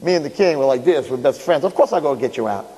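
A man's voice: medium pitch, lively intonation, quick pace, warm tone, lightly acted. A man voicing a boastful, self-important government minister. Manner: bragging, pushy. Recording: echoey hall.

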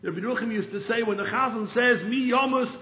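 A man giving a sermon, swinging from impassioned pleas to hushed storytelling. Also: very high voice, fast, echoey room, faint music behind. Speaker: rabbi giving a talk. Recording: tinny phone-line sound with faint noise.

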